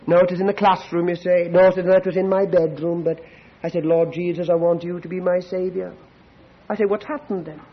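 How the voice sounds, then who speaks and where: Animated high-voiced male preacher, lo-fi recording. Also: brisk. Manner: animated, shifts between hushed and loud with repeated exhortations. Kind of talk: sermon. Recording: dull lo-fi sermon recording.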